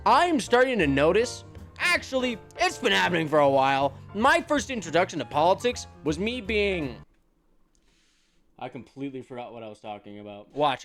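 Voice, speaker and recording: A man's voice: fairly high pitch, fairly bright tone. A young American man talking to camera in a nervous, rambling, self-deprecating way. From United States. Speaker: YouTuber. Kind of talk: casual monologue to camera.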